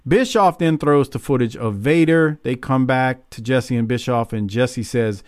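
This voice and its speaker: A man hosting a casual wrestling recap podcast, joking and relaxed, on a podcast mic. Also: mid-range voice, measured pace, hardly any pauses, clear, resonant tone, dry recording, clean studio sound. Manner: casual, lively, joking, swears. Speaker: podcast host.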